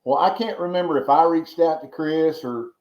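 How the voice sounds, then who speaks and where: In a fairly high voice at a moderate pace, a Georgia man tells long, wandering stories as a podcast guest, repeating words often and adding folksy asides. The casual storytelling interview is captured in a dull, roomy, lo-fi recording.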